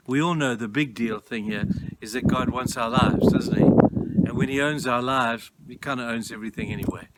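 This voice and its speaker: A man giving a short daily devotional talk as pastor, gentle, earnest and reflective, slowing down and softening on key phrases. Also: mid-range voice, heavy background noise.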